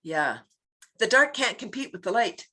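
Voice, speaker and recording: A woman who teaches laughter yoga, chatting on a video call, laughing often and leading loud ho-ho-ha-ha chants. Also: a little high, sing-song, normal speed, slight background noise. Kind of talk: casual interview chat.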